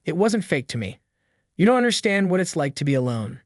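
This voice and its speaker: A man's voice: fairly high pitch, big pitch swings, fairly quick, no echo, clean studio sound. A man voicing a manipulative middle-aged mother who guilt-trips her grown daughter with pleading words. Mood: cold.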